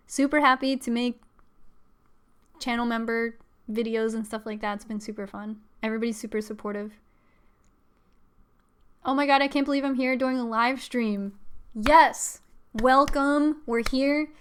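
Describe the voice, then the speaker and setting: A young woman hosts a casual live stream, her voice smooth and clear and sitting a little high. She rambles from one thing to the next with plenty of fillers and light laughs. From Pennsylvania, US.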